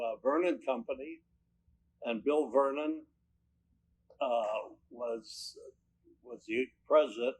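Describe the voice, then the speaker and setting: An older man at a middle pitch tells stories from his working life. He wanders through his tales, restarts sentences and pulls himself back with "but anyway". It sounds like an unhurried, conversational recollection. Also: husky, rough recording. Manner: rambling storyteller, many restarts and "but anyway". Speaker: company owner. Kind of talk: recounting personal anecdotes.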